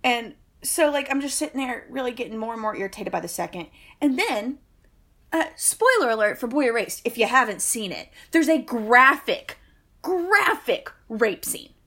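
A woman's voice: fairly high pitch, very animated, normal speed, bright, forceful tone. A woman, co-hosting a podcast and telling a long, wry, exasperated story in casual chat. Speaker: podcast co-host.

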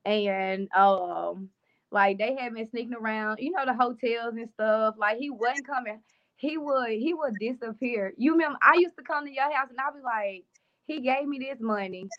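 A young adult woman tells her own story in loose, conversational talk full of fillers. Her voice sits somewhat high. The recording sounds muffled and lo-fi. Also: normal speed. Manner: casual, conversational, trailing fillers. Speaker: interview guest. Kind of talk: candid personal storytelling.

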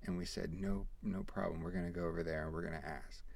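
A man in his thirties hosting a podcast, telling a family story in a rambling, animated way, acting out the quoted dialogue. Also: low voice, fast, creaky. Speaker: podcast host. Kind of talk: casual storytelling.

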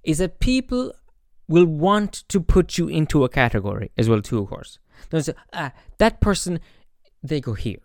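A man's voice: fairly high pitch, animated, normal speed, no room sound, clean studio sound. A man hosting his own podcast, talking through his thoughts in a rambling, reflective way full of fillers and restarts, into a podcast microphone. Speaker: podcast host. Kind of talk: casual reflective monologue.

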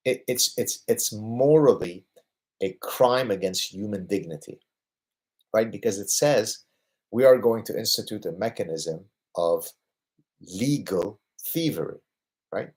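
A man in his fifties hosts a livestream Q&A, answering viewer questions in a deep, slightly husky voice at a measured pace. He makes his points emphatically, tagging them with a rhetorical "right?", and gets lively and excited talking about work he's passionate about.

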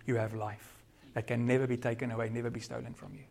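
A man pastor with a South African accent, preaching a sermon with earnest, varied loudness and closing in prayer. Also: medium pitch, level tone, fast talker, gravelly, a little hiss or hum.

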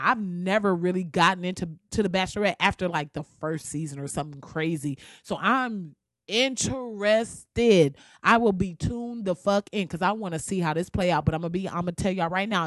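A woman in her thirties hosts her own talk show in a loose, profane rant. Her voice is mid-pitched and leaps sharply upward when she stresses a point. The recording is dry and close, with no room sound. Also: dry recording. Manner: loud, profane, animated, swings up high for emphasis. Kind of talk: casual solo commentary.

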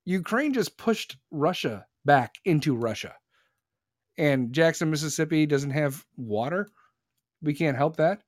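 Fired-up man, fairly high voice. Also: animated, unhurried, dry recording, clean studio sound. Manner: fired-up rambling rant, many restarts. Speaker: podcast host. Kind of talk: casual podcast chat.

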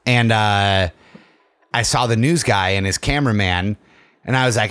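A man's voice: on the low side, moderate pace, a bit bright, clear, resonant tone, dry recording. A young man co-hosting a podcast, joking and teasing as he tells stories in casual chat.

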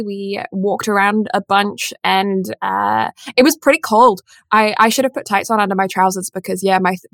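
A woman in her twenties chats on a podcast in a middle-pitched voice. She rambles and giggles and pokes fun at herself. The sound is close and dry. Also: a bit bright, no echo. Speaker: podcast co-host. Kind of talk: casual chat.

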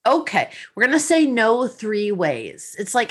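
A woman hosting a podcast as a life coach, talking in a lively, teasing and directive way. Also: fairly high pitch, unhurried, husky.

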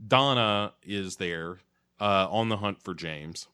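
A man co-hosting a podcast, recapping an episode in a halting way with many fillers and chuckles. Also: deep voice, pushed and bright, smooth, no echo. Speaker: podcast co-host.

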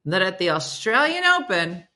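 A woman's voice: medium pitch, very animated, moderate pace, sharp tone. A woman hosting a casual live stream, chatting and storytelling as she reads viewer comments aloud and answers them. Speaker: host reading viewer comments.

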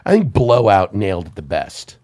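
A man hosting a casual film chat, an animated storyteller who swears and laughs often. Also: fairly low pitch, moderate pace. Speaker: podcast host.

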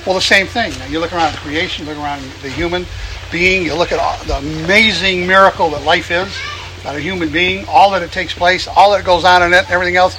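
A man gives an outdoor sermon in a folksy, easygoing manner. He chuckles as he talks and builds his points by repeating phrases. Birds and a steady hiss of outdoor noise sit behind his voice. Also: sits high, brisk. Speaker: preacher. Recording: noisy outdoor recording.

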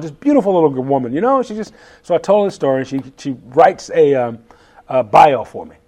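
Chef guest, 50s man, lively storyteller, slightly high voice, laughs often. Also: fairly quick. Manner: animated, laughing, acts out quotes. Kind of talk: casual interview storytelling.

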